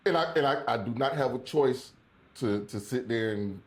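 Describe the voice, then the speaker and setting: A man co-hosting a podcast, talking casually, halting and repeating words and dropping low when serious. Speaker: podcast co-host. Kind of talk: casual chat.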